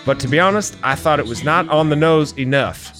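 A man's voice: fairly high pitch, fairly quick, voice pushed up, close to an everyday voice. A man voicing a folksy, conservative country-music fan who talks in an earnest drawl.

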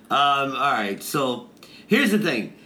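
Male co-host, bright and sharp tone, easy teasing banter, a little background noise. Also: mid-range voice. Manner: laughing, teasing, profane. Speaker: podcast co-host. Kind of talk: casual podcast banter.

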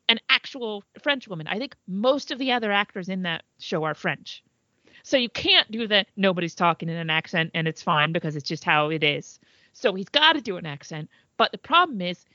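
A woman's voice: mid-range voice, bright, forceful tone, no room sound, highs cut off. Chatty woman podcaster, dry close sound. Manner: chatty, swears freely, trails off. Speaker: podcast co-host. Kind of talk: casual chat.

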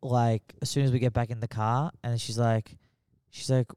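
A man's voice: medium pitch, flat delivery, moderate pace, darkish tone, clean tone, dry recording. A young man, telling a rambling story in casual chat, swearing and laughing often.

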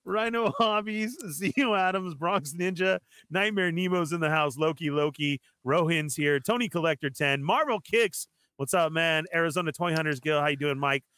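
A man's voice: on the high side, normal speed, hardly any pauses, clear, resonant tone, no echo. Upbeat man hosting a live toy stream. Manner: energetic, laughs a lot. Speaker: host.

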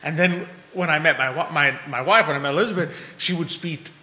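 A man's voice: on the high side, brisk, sharp tone, roomy sound, long reverb tail, slight background noise. A man co-hosting a casual talk show, chatting with friendly, affirming asides. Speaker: co-host. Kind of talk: casual chat.

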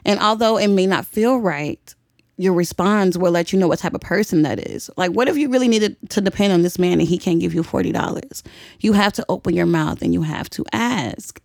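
A woman's voice: lowish voice, fairly quick, gravelly, no room sound, clean studio sound. A young woman hosting a podcast, giving blunt, profane advice in casual chat and laughing often. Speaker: podcast host.

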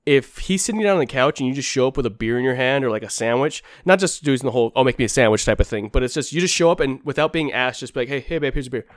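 A man hosting a casual podcast chat, telling lively stories and acting out what others said. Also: medium pitch, fast talker, hardly any pauses, no echo, clean studio sound. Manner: animated storyteller, acts out quotes. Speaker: podcast host.

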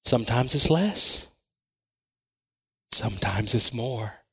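Man, preacher, sermon, gravelly voice, bright tone, quiet prayer to shouted preaching. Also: medium pitch, expressive, slow. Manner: storytelling with acted asides. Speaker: pastor.

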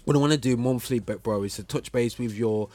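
A man's voice: mid-range voice, fairly quick, darkish tone. A man hosting a radio show, chatting casually and joking, with lots of fillers and repeated words. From United Kingdom. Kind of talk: casual chat.

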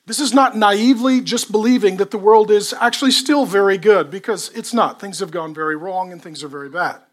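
Male pastor, high voice, energetic sermon delivery, punchy repetition. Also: a little fast. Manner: lively preaching with repetition and rhetorical questions.

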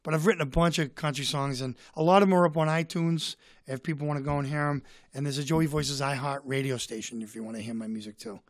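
A Boston comedian with a Boston accent, appearing as a guest, tells stories in a casual, rambling, chatty way while fighting a cold. He talks fast with few pauses, in a slightly high voice with fairly even intonation. The sound is clean studio audio with no echo.

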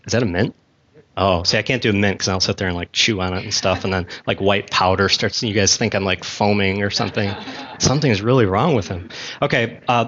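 A man's voice: fairly low pitch, fairly bright tone, lo-fi sound. A man teaching a Bible class in a conversational way, asking the class questions and making asides, talking with gum in his mouth.

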